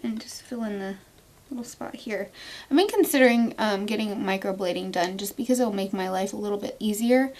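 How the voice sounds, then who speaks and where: A woman's voice: mid-range voice, fairly quick, a little mellow. A woman in her thirties chatting casually through a makeup tutorial at home, playful and prone to inventing silly words as she works. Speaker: beauty vlogger. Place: at home, indoors.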